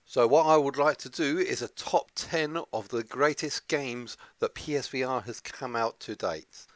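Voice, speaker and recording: A man's voice: medium pitch, a little slow, dry recording. A man hosting a top ten countdown of games, talking in an earnest, rambling way. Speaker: gaming channel host.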